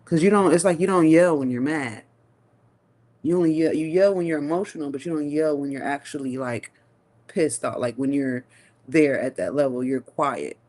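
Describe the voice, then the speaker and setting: A woman giving a live tarot reading, musing slowly with long hums and pauses, and talking in a casual, profane way. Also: deep voice, darkish tone. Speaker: tarot reader.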